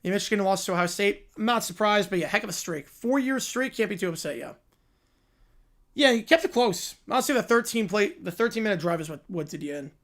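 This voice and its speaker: A man's voice: high voice, expressive, a little fast, a bit bright. Laid-back man reacting to sports on stream. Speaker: livestream host. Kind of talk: casual sports reaction commentary.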